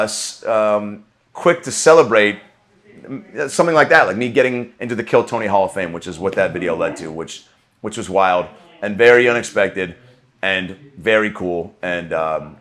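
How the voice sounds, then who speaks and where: A man's voice: mid-range voice, fairly bright tone. A man hosting his own podcast, talking through a recap in an earnest, reflective way, with plenty of restarts and casual swearing. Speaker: podcast host.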